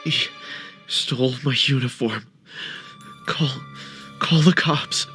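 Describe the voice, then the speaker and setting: A man's voice: mid-range voice, slow pace, bright, forceful tone, soft background music, voice pushed up. A man voicing a beaten male salesman who speaks in a weak, pained, dizzy voice. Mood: dazed pained.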